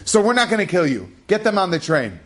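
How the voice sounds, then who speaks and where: A man voicing a stern, middle-aged German infantry officer, speaking slowly and emphatically in a raised voice. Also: sits high, sing-song, a bit bright. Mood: awed, solemn.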